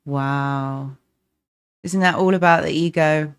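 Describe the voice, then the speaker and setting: A woman from North London, her London accent smoothed toward a posher tone, speaks on a live stream. Her voice sits a little low as she reads out viewers' messages and answers them gently. She talks directly to people in the chat and often breaks off and restarts her sentences. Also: normal speed. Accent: London, softened. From North London, England. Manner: warm encouraging, talks to chat by name, many restarts. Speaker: relationship coach, livestream host.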